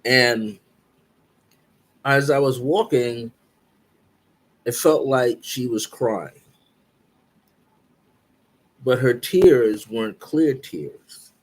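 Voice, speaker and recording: Slow, earnest man telling a spiritual dream. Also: medium pitch. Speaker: guest speaker. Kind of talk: spiritual storytelling.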